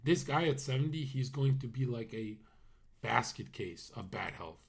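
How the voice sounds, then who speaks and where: A man streaming, rambling through a casual story with animated storytelling. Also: medium pitch, moderate pace, gravelly, husky. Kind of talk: casual chat.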